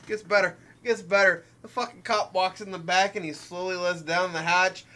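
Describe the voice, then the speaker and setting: A man's voice: high-pitched, fairly even intonation, normal speed, bright, forceful tone. A young man from Ohio bantering while playing a game, swearing and cutting in on his friend. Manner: profane, interrupting, laughing it off. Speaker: let's play co-host. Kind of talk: casual banter during a game.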